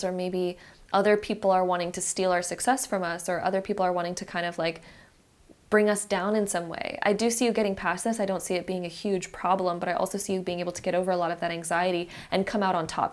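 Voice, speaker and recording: A young woman giving a pick-a-card tarot reading in a chatty, encouraging way, speaking straight to the viewer. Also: fairly low pitch. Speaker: tarot reader.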